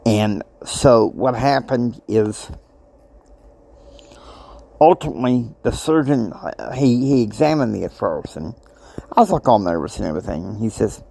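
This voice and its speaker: Man, personal storyteller, gravelly voice, lively swings in pitch, acts out other people's lines. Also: a little slow. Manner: emotional, acts out quoted voices.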